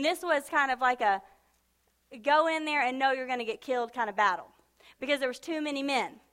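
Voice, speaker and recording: A woman delivers a sermon in a high voice. Her tone is bright and ringing. She builds fervor through repeated phrases, then slips into casual, chatty asides. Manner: impassioned, emphatic repetition, casual asides. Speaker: preacher.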